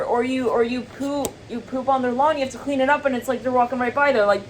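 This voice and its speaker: Chatty woman doing a casual tarot reading. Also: slight background noise. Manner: chatty, rambling, laughs often, acts out quoted people in high squeals. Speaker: tarot reader.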